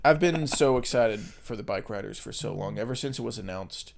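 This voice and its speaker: A man's voice: medium pitch, expressive, a little fast, creaky. Rambling American man on a podcast. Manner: rambling, swears casually, many fillers. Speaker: podcast co-host. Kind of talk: casual chat.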